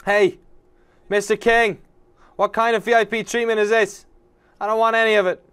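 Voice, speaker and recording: A man voicing the game's young female protagonist in a shrill, exasperated voice. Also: little pitch movement, normal speed, fairly bright tone, clean tone. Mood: indignant.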